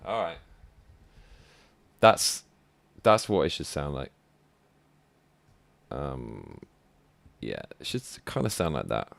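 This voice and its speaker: A man's voice: a bass voice, huge pitch swings, slow pace, gravelly, long pauses. A man working in a music studio during a live stream, muttering half to himself and humming melody ideas between sudden bursts of hype. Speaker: rapper and producer.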